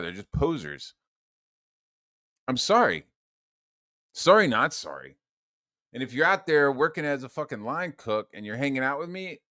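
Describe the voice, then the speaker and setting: A man's voice: mid-range voice, a bit bright. A young man streaming a solo rant, swearing constantly and mocking his critics in a heated, sarcastic way. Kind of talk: profane rant.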